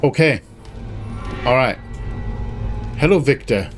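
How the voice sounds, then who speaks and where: A man gives casual commentary as he plays through a hidden-object game. He is chatty and teases himself, thinking out loud in a mid-range voice. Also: mid-range voice, expressive, takes it slowly, faint music behind. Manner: chatty, self-mocking, thinks aloud. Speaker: game streamer. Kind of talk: casual let's-play commentary.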